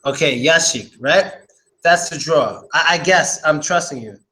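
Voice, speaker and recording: A man's voice: fairly high pitch, a little slow, bright, forceful tone, poor audio. A young man giving a casual, chatty English pronunciation lesson, drilling words over and over. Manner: chatty, loose, repeats words.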